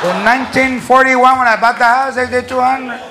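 A man plays a stubborn, thrifty old grandmother who speaks bluntly. The voice is pitched high, with a live crowd behind it. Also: little pitch movement, normal speed, bright, forceful tone, full character voice. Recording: live club with crowd and noise.

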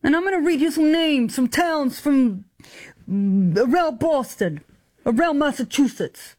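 A woman's voice: high voice, very animated, slow, pauses often, no room sound. A woman reading place names as a playful radio bit, stumbling over them on purpose and giggling.

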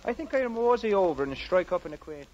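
A man's voice: sits high, animated, fast talker, darkish tone. An actor playing a jovial Irish policeman turned Irish setter dog, with a thick put-on Irish brogue, in a 1940s radio comedy. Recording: dull lo-fi old radio recording with faint hiss.

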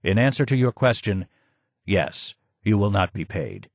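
A man voicing a calm, measured Persian man who speaks low and steadily. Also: gravelly, dry recording, full character voice.

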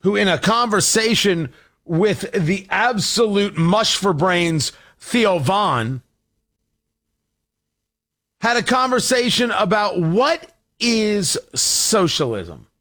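A man's voice: high-pitched, sing-song, takes it slowly, a bit bright. A man hosting a political talk show, delivering a combative, sarcastic monologue.

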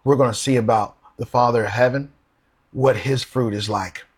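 A man's voice: medium pitch, steady tone, moderate pace, darkish tone, slightly rough. A man preaching a sermon, earnestly reading scripture aloud and asking rhetorical questions.

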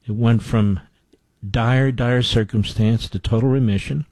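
A man's voice: medium pitch, fairly even intonation, unhurried, a little mellow, dry recording. A man hosting a political talk show, delivering an opinionated monologue with indignant, emphatic repetition. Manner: indignant, emphatic, repeats phrases for effect.

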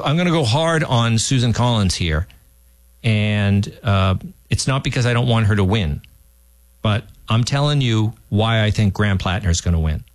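A man's voice: mid-range voice, dry recording. A middle-aged man hosting political talk radio, rambling and emphatic, often restarting and repeating himself.

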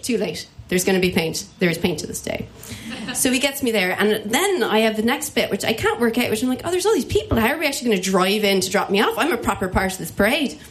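An Irish woman telling a comic personal story live, animated and self-mocking, acting out the voices of the people in it. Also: mid-range voice, a little hiss or hum. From Ireland.

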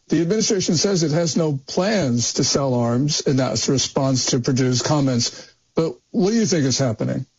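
A man's voice: medium pitch, husky. A man on a talk-show panel putting pointed questions to a guest one after another. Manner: pointed, rapid-fire questions. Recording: dull, lo-fi audio.

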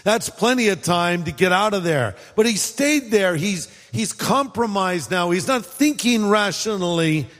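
A pastor from California preaches in a high-pitched male voice, loose and conversational, dropping playful asides between points. His voice rings out with a long reverb, as in a large church auditorium. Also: lively intonation, unhurried, few pauses, fairly bright tone. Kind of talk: sermon.

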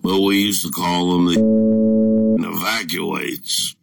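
Deep gravelly Midwestern man. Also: fairly even intonation, slow pace, loud music behind the voice. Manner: folksy, drawling, chuckling. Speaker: caller. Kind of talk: voicemail to a radio show.

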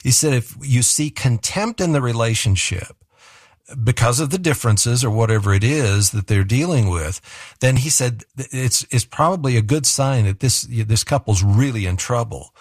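A man hosting an interview asks his guest a long question, pausing to find his words. His voice is in a middle pitch range. The recording is dry and close. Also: expressive, dry recording. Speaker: host.

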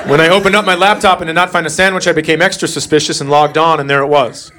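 A man's voice: fairly high pitch, steady tone, fast, crowd noise. A middle-aged man doing stand-up, telling a story about his son in a wry, exasperated dad voice. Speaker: stand-up comedian. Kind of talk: stand-up storytelling to a live crowd. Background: audience laughter.

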